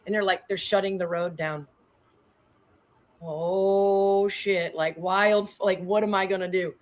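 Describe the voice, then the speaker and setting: A woman in her thirties, a guest telling lively stories in a slangy, animated way with loud excited peaks. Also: medium pitch, slow. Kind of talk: casual storytelling on a show.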